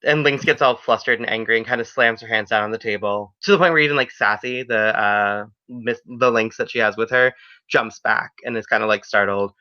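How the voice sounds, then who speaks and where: A man's voice: fairly low pitch, a little fast. A man narrating a tabletop game as game master, in a casual, rambling storytelling way, on a dull lo-fi recording. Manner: lively, casual storytelling with fillers.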